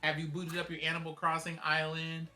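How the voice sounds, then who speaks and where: A man co-hosting a casual podcast chat, playful and sassy with quick teasing remarks. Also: on the high side, completely flat delivery, sharp tone, soft background music. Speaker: co-host.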